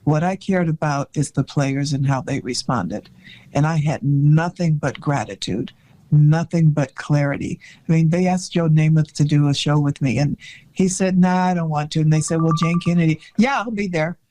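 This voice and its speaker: An older woman, a guest in an interview, telling stories in a lively way and acting out what people said. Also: low-pitched, moderate pace. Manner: animated storyteller who acts out quoted dialogue. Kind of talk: storytelling in a conversational interview.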